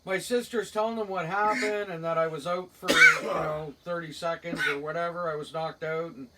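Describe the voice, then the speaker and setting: A man's voice: on the high side, fairly even intonation, normal speed, far from the mic, over loud music, low-quality recording. A man with a Cape Breton accent, co-hosting a podcast. He tells rambling stories in casual chat and laughs through them. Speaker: podcast co-host. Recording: a bit off-mic, faint background hiss.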